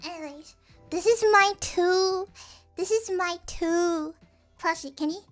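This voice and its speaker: A woman's voice: very high-pitched, slow, soft background music. A young woman streamer chatting casually, rambling and giggly with many restarts. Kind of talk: casual chat.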